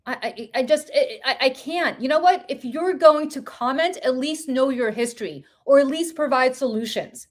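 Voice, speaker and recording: Podcast woman, high voice, heated profane rant, hammering rhetorical questions. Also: animated, normal speed, few pauses. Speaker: podcast co-host. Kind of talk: heated political commentary.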